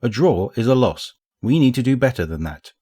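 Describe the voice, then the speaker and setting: A man's voice: medium pitch, animated, brisk, dark tone, husky, voice pushed up. Isira, a curt little ghost voiced by a man. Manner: clipped, scolding, impatient. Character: small female ghost companion, curt and sharp-tongued.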